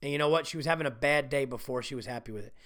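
A man's voice: mid-range voice, very fast, a bit bright. A middle-aged man hosting a podcast, telling profane, self-mocking stories in a rambling casual monologue. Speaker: podcast host.

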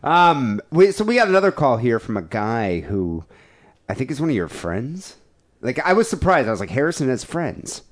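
A man's voice: medium pitch, very animated, normal speed. A man co-hosting a casual comedy podcast, teasing his partner and rambling with lots of fillers. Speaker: podcast co-host.

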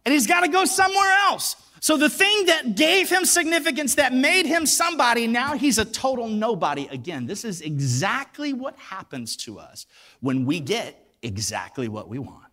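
High, lively-voiced man preaching. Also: normal speed. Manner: animated storytelling with acted voices; emphatic, repeats words for weight. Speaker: pastor. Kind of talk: sermon.

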